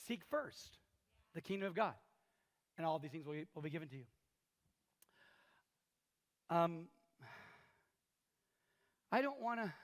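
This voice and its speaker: A man in his fifties preaching a sermon as pastor, telling stories and acting out the voices of the people in them. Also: a little high. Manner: animated storytelling, acts out quoted voices. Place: large church hall. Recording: live church hall with long reverb.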